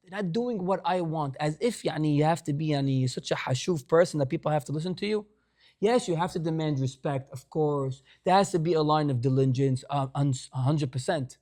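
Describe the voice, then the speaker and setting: A man, a congregation rabbi, preaching in an animated storytelling way and mixing in Hebrew phrases. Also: a little high, fairly quick. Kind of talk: sermon. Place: synagogue.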